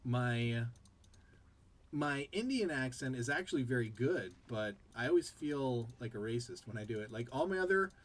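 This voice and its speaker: A man's voice: medium pitch, expressive, moderate pace. A man hosting a casual game commentary show, chatting in a rambling way and jumping between tangents and play-by-play. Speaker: game caster and show host.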